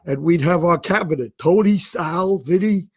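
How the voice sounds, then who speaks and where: A man co-hosting a casual comedy podcast, stuffy and husky-sounding, laughing often. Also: high voice, normal speed, no echo. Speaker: co-host.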